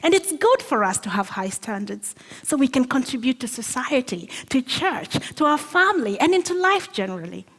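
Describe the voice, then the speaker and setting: A woman preaching a sermon in a church hall, earnest and measured, slowing down on the phrases she wants to stress. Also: sits high, sing-song, a bit bright. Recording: long reverb of a hall.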